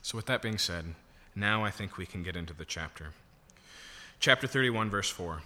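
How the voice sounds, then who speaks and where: A man's voice: deep voice, animated, moderate pace, pushed and bright. A man preaching a sermon, teaching in a conversational way and checking in with rhetorical questions. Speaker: pastor. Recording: reverberant hall.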